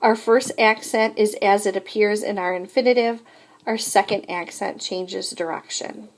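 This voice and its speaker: A woman teaching a French lesson at an unhurried pace. She talks patiently in a mid-range voice, walking through each verb form step by step and saying every conjugation aloud so students can follow. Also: mid-range voice. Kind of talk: recorded classroom lesson.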